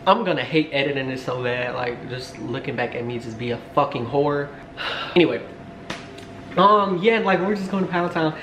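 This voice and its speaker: A man's voice: medium pitch, normal speed, fairly bright tone. A young man telling a rambling story to camera, full of fillers and asides. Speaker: storytime vlogger. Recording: echoey room, faint background hum.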